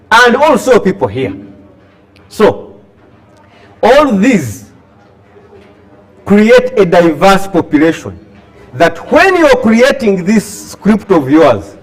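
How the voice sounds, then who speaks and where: A Ugandan man with a high, swooping voice talks to a workshop of young writers. He acts out little scenes and keeps pulling the audience in with questions. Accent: Ugandan English. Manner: lively, asks the audience questions, acts out dialogue. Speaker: scriptwriter and workshop speaker. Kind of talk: animated talk to an audience.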